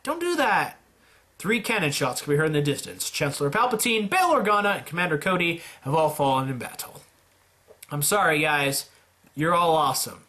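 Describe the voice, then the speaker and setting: Man, playful video commentator, animated swooping pitch, bright voice, jokey asides. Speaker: YouTuber narrating a simulator game. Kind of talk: casual play-by-play commentary.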